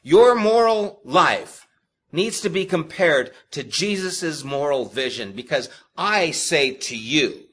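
A man preaching a sermon, addressing the congregation directly with emphatic, expressive delivery and sharp swings in loudness. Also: medium pitch. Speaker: pastor.

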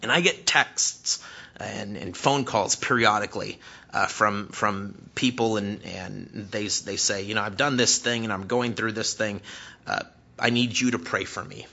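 Bright, husky-voiced man preaching. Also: fairly low pitch, highs cut off. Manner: animated, rising to near-shouting emphasis; hushed, slow prayer voice. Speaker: pastor. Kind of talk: sermon.

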